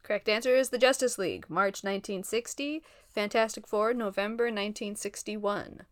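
A woman's voice: mid-range voice, normal speed, dry recording, studio quality. Woman reading out quiz answers. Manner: laughs easily, reads answers plainly. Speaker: quiz host.

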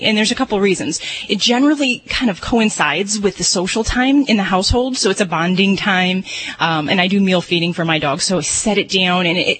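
A woman's voice: medium pitch, fairly bright tone, husky, rough recording. A woman with a nasal Chicago accent, answering a caller's question as the veterinarian on a radio call-in show, explaining patiently and using lots of fillers. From Chicago area. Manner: explanatory, friendly, fond of fillers like "kind of". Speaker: veterinarian co-host.

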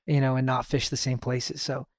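A middle-aged man, a podcast guest, telling stories in a relaxed way and often saying "you know". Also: medium pitch, moderate pace, no echo, clean studio sound. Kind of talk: casual storytelling conversation.

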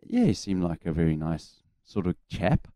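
A man's voice: low-pitched, sing-song, moderate pace, dark tone, no echo, clean studio sound. A man in his forties with a New Zealand accent, a former cricketer telling laid-back anecdotes as a guest on a casual radio chat.

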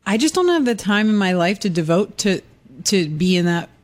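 A woman trading stories on a talk show, her pitch rising and falling in big lively sweeps. She acts out each person in the story and breaks into laughter along the way. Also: normal speed. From Irish Catholic family. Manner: animated, acts out quoted voices, laughs often. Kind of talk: casual on-air chat, storytelling.

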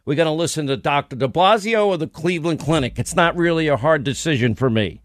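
A combative male talk host delivers a sarcastic political monologue, stacking one rhetorical question on another. His voice sits a little high for a man. The studio sound is dry and close, with no room echo. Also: lively intonation, quick pace.

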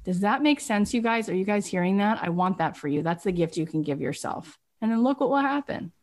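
Female coach, casual motivational talk, leans on "right?", mid-pitched voice. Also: expressive, a little fast, darkish tone. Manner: emphatic, repeats "right?" and "like".

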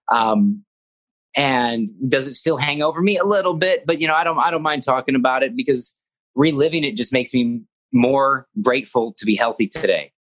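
A man's voice: medium pitch, fairly bright tone. A young man, a professional wrestler, talking earnestly in an interview, rambling with restarts and acting out what he said. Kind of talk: casual interview talk.

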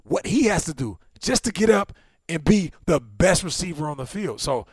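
A man in his thirties, a former football player, co-hosting a casual chat and telling stories with lively, acted-out quotes. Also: normal speed, breathy edge, no echo, studio quality. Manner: animated storyteller, acts out quotes with big pitch swings. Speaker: podcast co-host, former NFL receiver.

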